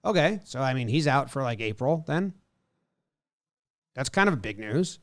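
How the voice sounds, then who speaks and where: A man's voice: mid-range voice, animated, moderate pace, no echo, clean studio sound. A man co-hosting a casual sports podcast, reading injury reports aloud and breaking off to joke and comment. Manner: reads news items aloud, then jokes and comments.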